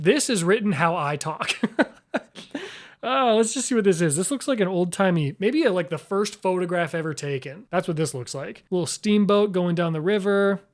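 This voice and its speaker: A man hosting his own video, giving casual, playful commentary as he ranks flags, with frequent exclamations and chuckles. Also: sits high. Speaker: YouTube host.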